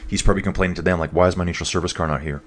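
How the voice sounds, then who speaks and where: A man with a very low voice talks casually through a live race, his nose a bit stuffed up. He keeps an easy, chatty flow, reading out comments from viewers as he goes. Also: steady tone, very fast, a little hiss or hum.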